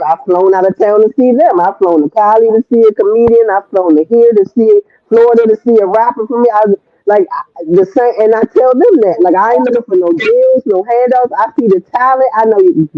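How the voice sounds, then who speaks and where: A woman from Washington D.C., a podcast guest telling a story in casual talk. She is animated, swears freely and jumps high in pitch when quoting herself. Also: dry recording. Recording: dry, phone-like narrow sound.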